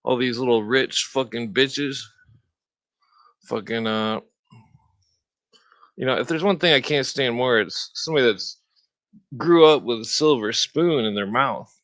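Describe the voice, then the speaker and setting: A man hosting a podcast in a rambling, profane solo rant, heavy on filler words and throat-clearing. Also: medium pitch, a little slow, long pauses, fairly bright tone. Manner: mocking sneer when imitating opponents. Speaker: podcast host.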